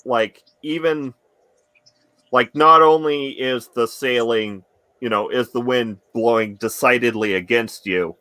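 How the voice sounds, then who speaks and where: A man's voice: medium pitch, measured pace, bright, forceful tone, no echo. A man narrating as dungeon master, hesitant and full of fillers. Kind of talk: narrating a tabletop game.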